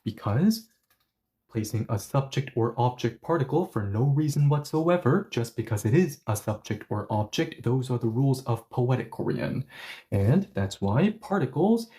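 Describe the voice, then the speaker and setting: A man teaches a live language lesson, walking through grammar rules step by step. His voice is mellow and warm at a middle pitch. He stops now and then to correct himself and apologize before carrying on. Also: lively intonation, moderate pace. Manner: explains step by step, often apologizes and self-corrects.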